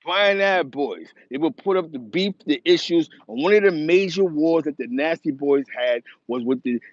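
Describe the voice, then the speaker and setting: A fairly high, animated voice at a moderate pace belongs to this show host from the Bronx, New York. He rambles emphatically through a casual commentary monologue, restarting many times, in a lo-fi recording with no room sound.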